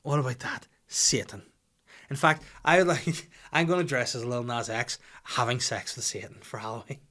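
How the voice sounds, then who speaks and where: A man's voice: mid-range voice, steady tone, moderate pace, sharp tone. A man, a comedian hosting a podcast, telling a rambling, sweary comic story.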